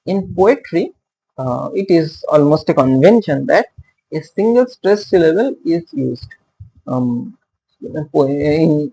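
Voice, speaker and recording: A male literature teacher gives an unhurried, slightly high-pitched lecture on poetic meter. His voice is gravelly and a little husky. He talks haltingly, pads his sentences with fillers and "okay", and sounds out stressed and unstressed beats aloud. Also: warm tone, rough recording. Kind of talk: explanatory lecture.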